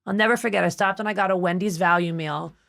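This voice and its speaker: A woman's voice: on the low side, fast talker, creaky. A woman guest on a podcast, telling a personal story with feeling and acting out the voices of people in it. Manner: expressive, acts out other people's voices in her story. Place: podcast studio.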